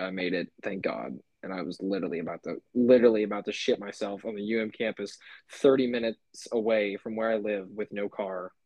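A man's voice: on the low side, darkish tone, no echo. Rambling young man, dry close mic. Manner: rambling, swears a lot, many fillers. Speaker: podcast co-host. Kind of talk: casual chat.

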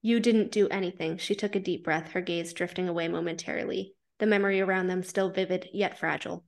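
A woman's voice: fairly low pitch, little pitch movement, quick pace, gravelly. A woman podcast co-host who reads fanfiction aloud, then chats casually, swearing freely and laughing as she reacts.

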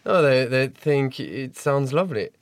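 A man's voice: mid-range voice, lively intonation, measured pace, no echo. Playful Frenchman on radio. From France. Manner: playful, laughing, switching into French. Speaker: studio manager. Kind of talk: casual radio chat.

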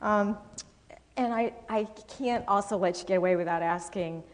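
A woman's voice: medium pitch, moderate pace. A woman interviewer on a live stage, asking her guest questions in a friendly way.

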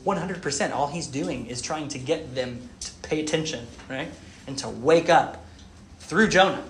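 A man preaching a sermon in an animated way, asking the audience questions. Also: on the high side, normal speed, slight background noise. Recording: echoey room.

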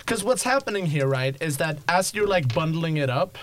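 A man's voice: on the high side, lively intonation, moderate pace, a bit bright, a little hiss or hum. A young man narrating as game master of a tabletop game, rambling with many fillers and restarts. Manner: rambling, lots of likes and restarts.

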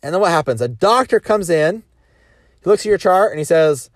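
A man with a slightly higher voice talks through sales lessons in a loose, rambling way, firing off rhetorical questions and restarting his sentences. The recording is dry and close, with no room sound around him. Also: animated, fairly quick, no room sound. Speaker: sales coach. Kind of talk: casual monologue on sales.

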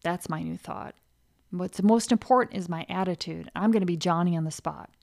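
A woman's voice: lowish voice, normal speed, gravelly, darkish tone. A woman hosting a podcast, coaching listeners in a casual way and acting out inner thoughts in little quoted voices. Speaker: podcast host and career coach.

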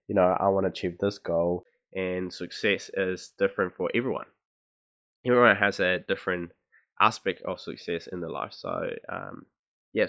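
Aussie young guy chatting solo on his podcast, lots of um and like, deep voice. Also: fairly bright tone. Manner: rambling, many fillers and restarts. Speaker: podcast host. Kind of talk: casual solo podcast monologue. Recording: dull lo-fi recording.

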